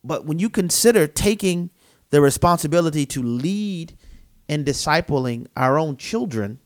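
A man's voice: on the high side, animated, unhurried. A man co-hosting a Christian talk show, speaking in an earnest, emphatic, preacherly way. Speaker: co-host. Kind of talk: Christian podcast conversation, preaching manner.

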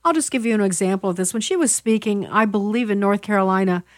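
A woman's voice: mid-range voice, quick pace, no room sound. A middle-aged woman hosts a political talk radio show. She argues emphatically and with conviction, stumbling over fillers and restarting sentences. The studio sound is dry and close, with no room to it.

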